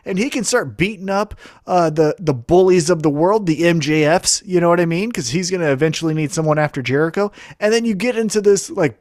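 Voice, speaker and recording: A man co-hosts a casual podcast, telling a story with animated energy. His voice sits high and swings widely. The sound is dry and close. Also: brisk, no room sound. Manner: animated storytelling, acting out quoted lines. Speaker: podcast co-host. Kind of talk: casual wrestling podcast chat.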